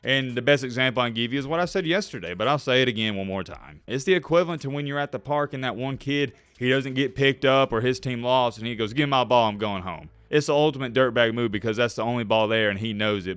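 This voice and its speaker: Young guy, bright crisp voice, dry close sound, excitable sports ranter. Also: no echo. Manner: animated, swings between loud outbursts and low asides. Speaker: sports commentary YouTuber. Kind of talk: solo sports commentary rant.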